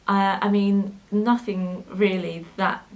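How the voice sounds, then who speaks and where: A young woman tells her own story straight to camera for her vlog. She speaks at an ordinary middle pitch, pausing often with soft ums as she gathers her thoughts. Her delivery is hesitant and personal, now and then tinged with emotion. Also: fairly even intonation, rough recording. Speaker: sewing vlogger.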